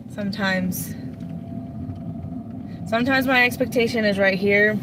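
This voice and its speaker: A woman's voice: mid-range voice, unhurried. A woman from Mississippi, vlogging in casual talk, blunt and candid with some swearing. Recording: car interior road noise.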